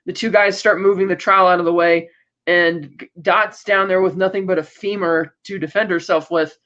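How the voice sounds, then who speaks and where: A man's voice: high-pitched, normal speed, dull audio. A man co-hosting a podcast, casually retelling a TV episode scene by scene and acting out the characters' lines. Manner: animated storytelling, acting out quoted lines. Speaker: podcast co-host.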